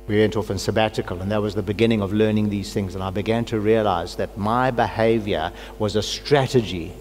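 A man's voice: lowish voice, steady tone, brisk, darkish tone. A middle-aged man preaching with earnest conviction, his voice climbing into fervent prayer. He has a cold, and his words ring out in a long-echoing hall with a faint hum behind him. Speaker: pastor. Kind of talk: sermon.

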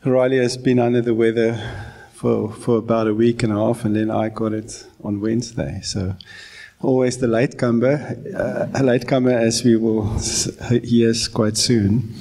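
Warm, creaky, and steady, the mid-range voice of a South African man in his forties with an Afrikaans accent moves at normal speed. He preaches in a church in a conversational, self-mocking style, stumbling over false starts.

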